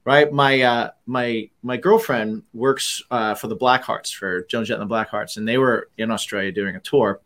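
A man co-hosting a podcast in casual chat, animated, laughing often and swearing as he acts out stories. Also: medium pitch, normal speed, hardly any pauses. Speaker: podcast co-host.

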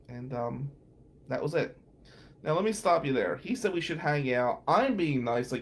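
A man's voice: mid-range voice, moderate pace. A middle-aged man hosting a radio show, telling a story casually, chatty and full of fillers.

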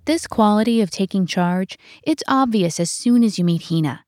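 Expressive woman narrating a documentary podcast. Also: mid-range voice, normal speed, no echo, soft background music. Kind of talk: scripted narration.

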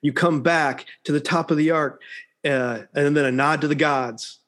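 A man's voice: on the high side, moderate pace. Laid-back man chatting about a film. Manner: relaxed, laughs often, restarts sentences. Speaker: podcast co-host. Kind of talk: casual movie discussion.

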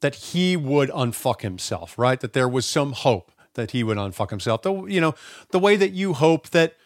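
A man's voice: medium pitch, sing-song, normal speed, no echo, studio quality. A man co-hosting a podcast, talking loosely and thinking aloud with many fillers. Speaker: podcast co-host. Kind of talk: casual podcast banter.

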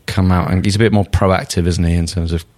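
Lowish voiced guy on a footy podcast, jokey and sweary. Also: quick pace. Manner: joking, sweary, animated. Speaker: podcast co-host. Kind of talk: casual football chat.

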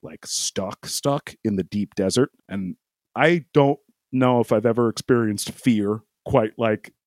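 A man's voice: fairly low pitch, unhurried, no room sound, clean studio sound. A man telling a travel story in a casual chat, rambling with lots of fillers, laughing often and acting out quoted lines.

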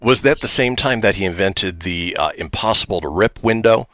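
A deep-voiced young man co-hosting a radio show, chatting casually and often stopping to restart his thoughts. He fills gaps with ums and uhs. His voice sounds close and dry, with no room around it. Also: expressive, a bit bright, dry recording. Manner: hesitant, halting, filler-heavy.

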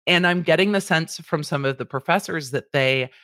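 A woman's voice: sits low, moderate pace, fairly bright tone, dry recording, studio quality. A woman hosting a casual commentary show, talking animatedly and putting on exaggerated quoted voices. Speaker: commentary host.

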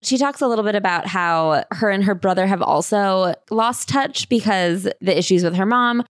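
A woman co-hosting a comedy podcast, recapping a book with blunt, deadpan jokes. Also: medium pitch, normal speed, dry recording, clean studio sound. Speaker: podcast co-host.

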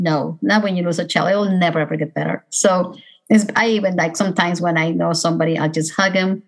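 A middle-aged woman, a bereaved mother, giving a halting, emotional personal testimony full of fillers and restarts. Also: fairly low pitch, steady tone, rough recording. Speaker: bereaved mother speaking about road safety.

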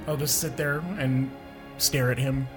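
Deadpan tabletop player, terse moves. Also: mid-range voice, measured pace, over music. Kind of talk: tabletop role-play.

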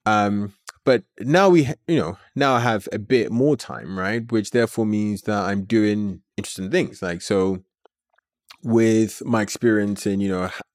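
A man, a company founder, telling a story as an interview guest in an animated way, with many filler words. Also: fairly low pitch, a little slow, dry recording, clean studio sound.

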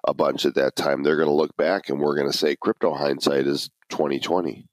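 A man co-hosting a podcast, talking in a relaxed, conversational way with dry asides. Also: very deep voice, brisk, no room sound. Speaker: podcast co-host. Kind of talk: casual podcast chat.

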